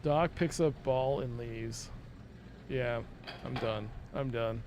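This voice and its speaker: A man's voice: mid-range voice, slow, background noise. A young man streaming a game live, rambling and mocking himself as he talks to himself and his chat, full of fillers. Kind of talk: casual live-stream commentary.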